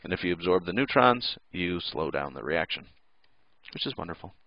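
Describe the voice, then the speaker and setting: A man's voice: deep voice, lively intonation, moderate pace, no room sound, dull audio. A male teacher giving a casual recorded lesson, joking and making playful sound effects.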